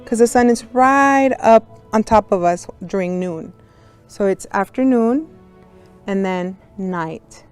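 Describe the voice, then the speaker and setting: A woman's voice: medium pitch, takes it slowly, clean tone, soft background music. A woman who works as a sign language interpreter, patiently teaching a beginner lesson to young students step by step.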